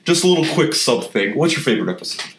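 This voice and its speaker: A man's voice: mid-range voice, sing-song, very fast, a bit bright, a little hiss or hum. A man co-hosting a casual podcast chat, joking and rambling with fillers and the odd swear word. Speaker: podcast co-host. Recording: echoey room with faint ambience.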